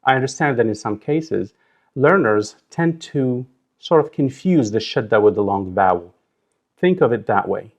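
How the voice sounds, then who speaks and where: A man teaching a language lesson, slowly repeating words and breaking them into drawn-out syllables. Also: medium pitch, expressive, dull audio. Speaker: Arabic teacher. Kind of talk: slow instructional explanation.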